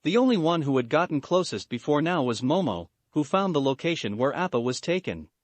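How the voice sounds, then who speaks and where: Male storyteller, steady delivery, dry booth sound. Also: on the high side, fairly quick, no room sound. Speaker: fan fiction narrator. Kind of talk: scripted narration.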